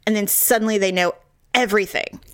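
A woman in her forties chatting casually as a podcast host, candid and quick to laugh, with frequent swearing. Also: mid-range voice, a bit bright, clean tone, no room sound, clean studio sound. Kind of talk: casual chat.

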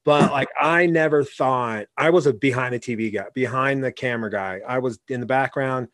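A man's voice: mid-range voice, normal speed, fairly bright tone, no echo. A man hosting a podcast, talking in a casual, reflective way. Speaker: podcast host. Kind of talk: casual interview talk.

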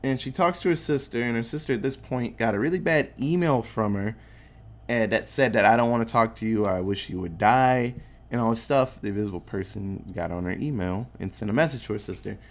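A man's voice: mid-range voice, fairly quick. A man casually recapping a film plot, swearing freely and acting out the characters' lines as he tells it. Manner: animated storytelling, acting out quotes. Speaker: podcast co-host recapping a film. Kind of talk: casual chat, profane movie recap.

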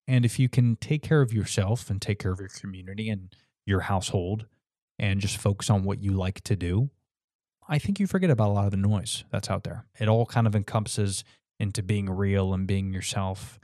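A man's voice: fairly low pitch, normal speed, darkish tone, dry recording, clean studio sound. A man hosting his podcast in casual chat, laid-back, with lots of fillers and swearing. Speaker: podcast host.

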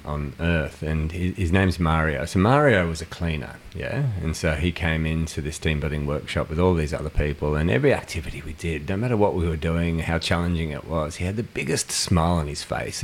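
A man's voice: sits low, slight background noise. A man co-hosting a podcast, telling a story in a casual, rambling way with many restarts. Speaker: podcast co-host.

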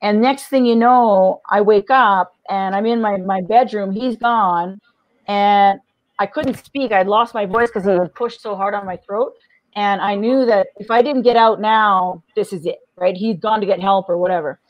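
A woman's voice: mid-range voice, normal speed, no echo, muffled recording. A middle-aged woman, an interview guest, frankly telling her personal story, often restarting and repeating words. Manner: frank, restarts and repeats words, laughs between heavy memories. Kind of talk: personal story told in conversation.

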